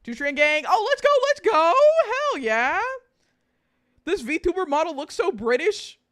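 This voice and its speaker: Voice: high voice, big pitch swings, measured pace, a bit bright. A VTuber streamer chatting casually with chat, reading messages aloud, swearing freely and often breaking into laughter.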